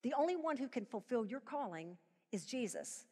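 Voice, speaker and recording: A woman Bible teacher preaching to a live audience, swinging from hushed tones to loud emphasis. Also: on the high side, animated, fairly quick, in a large hall. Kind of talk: sermon. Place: large live event venue.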